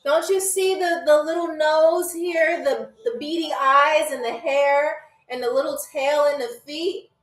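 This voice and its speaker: High-voiced playful woman game show host. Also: unhurried, hardly any pauses. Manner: playful, jokey, reads viewer comments aloud; peppers lines with "okay?" and "all right". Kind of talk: live-stream game show chat. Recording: roomy echo, faint music.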